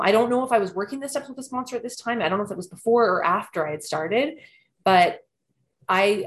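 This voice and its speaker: A woman in her thirties, telling her recovery story in an earnest, reflective way, often restarting her sentences. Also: fairly low pitch. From Canada. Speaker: recovery program member sharing her story. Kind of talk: personal recovery testimony.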